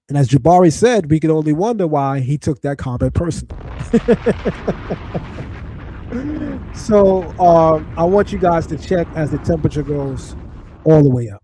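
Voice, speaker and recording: A man's voice: a little high, warm tone. A man hosting a podcast, giving opinionated commentary in a conversational way with filler words. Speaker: podcast host.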